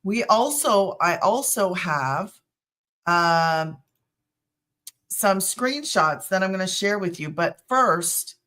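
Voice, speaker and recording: An older woman hosting a casual online presentation, relaxed and unhurried with fillers. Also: medium pitch. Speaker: online business host.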